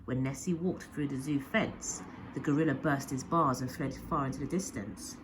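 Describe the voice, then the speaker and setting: A woman's voice: extremely low pitch, steady tone, moderate pace, background noise. A woman teacher reading a picture book aloud with expression, often dropping to a whisper. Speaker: primary school teacher.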